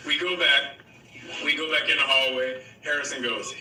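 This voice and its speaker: Bright-voiced man telling a lively anecdote. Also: fairly high pitch, echoey room, far from the mic, poor audio. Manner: lively storyteller who mimics other people's voices. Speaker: actor telling a story at a press event. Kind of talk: animated anecdote.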